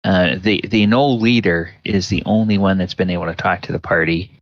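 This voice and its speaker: A man narrating a tabletop game as dungeon master, halting and full of filler words. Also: deep voice, no echo. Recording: dull lo-fi sound.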